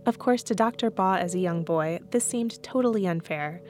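Woman, podcast host, scripted narration, clear guiding delivery, faint music underneath. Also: on the low side, normal speed, a little mellow.

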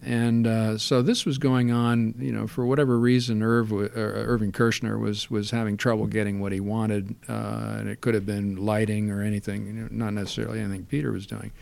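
Gravelly-voiced man telling stories. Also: fairly low pitch, level tone, brisk, hardly any pauses, a little mellow. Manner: rambling, many fillers and restarts. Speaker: interview guest. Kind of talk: relaxed anecdotal storytelling.

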